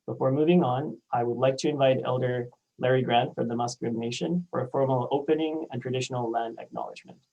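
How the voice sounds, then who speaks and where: Man, host, program coordinator, formal, deliberate, video call. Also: mid-range voice, fairly even intonation, warm tone, lo-fi sound. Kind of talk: formal webinar introduction.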